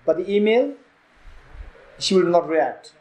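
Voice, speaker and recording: A man's voice: high-pitched, animated, unhurried, darkish tone. A man giving a Buddhist teaching at a retreat, telling a story with quoted dialogue and repeating phrases for emphasis. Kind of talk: dharma talk at a retreat. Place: retreat hall. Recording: roomy hall echo.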